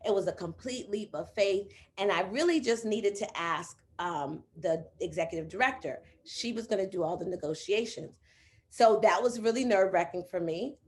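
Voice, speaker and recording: A woman in an interview, a coaching client who tells her story lively, acting out quoted conversations. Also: moderate pace. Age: adult with children. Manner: animated, acts out quoted dialogue with big pitch jumps.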